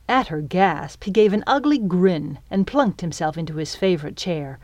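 A woman reading her own novel aloud as an audiobook, telling the story slowly and expressively. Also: on the low side, darkish tone, dry recording. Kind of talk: audiobook narration.

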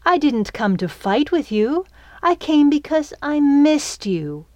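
A woman's voice: mid-range voice, sing-song, normal speed, no room sound, close to an everyday voice. A woman voicing a vain, scheming female fairy who speaks in a sweet, coaxing croon.

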